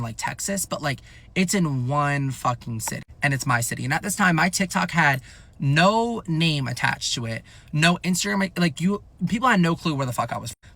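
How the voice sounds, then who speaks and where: A young man tells a storytime in a rushed, rambling way, words tumbling out quickly. His voice is bright and edged with gravel, pitched a little high for a man, and he swears freely and leans on "like" constantly. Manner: rambling, animated, heavy filler "like", frequent swearing. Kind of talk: casual storytime monologue.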